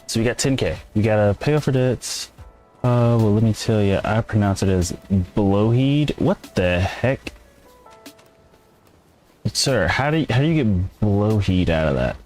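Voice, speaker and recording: A man's voice: on the low side, a little mellow. Rambling casual male game streamer. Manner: chatty, rambling, reads and answers chat. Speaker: gameplay streamer. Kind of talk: casual live-stream commentary.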